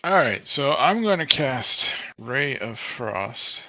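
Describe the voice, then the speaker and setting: A man's voice: mid-range voice, very animated, slow pace, sharp tone, no room sound. A man playing a tabletop game, casual and playful, on a dull lo-fi mic. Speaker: player.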